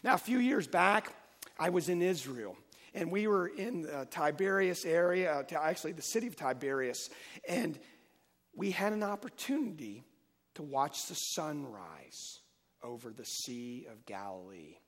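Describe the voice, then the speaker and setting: Pastor guy preaching, kinda high gravelly voice, big echoey church sound. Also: expressive, unhurried. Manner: emphatic preaching, rising and falling in loudness. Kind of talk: sermon.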